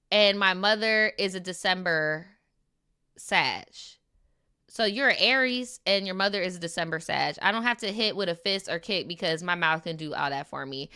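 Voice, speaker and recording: A woman streamer reading viewer stories aloud and reacting in a casual, slangy, animated way. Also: lowish voice, clear, resonant tone. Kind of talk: casual chat and story reading. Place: lives in New York.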